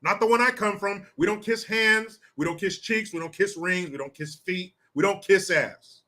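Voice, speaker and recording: An American man rants through political commentary in a high, bright, forceful voice at a moderate pace. Combative and sarcastic, he swears freely, peppers viewers with questions, and reads their comments aloud between outbursts.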